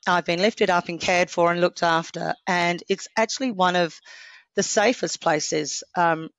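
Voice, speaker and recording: Lively lowish-voiced woman storyteller, dry sound. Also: measured pace, no room sound. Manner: lively storyteller, acts out quotes. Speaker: podcast guest. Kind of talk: casual interview chat.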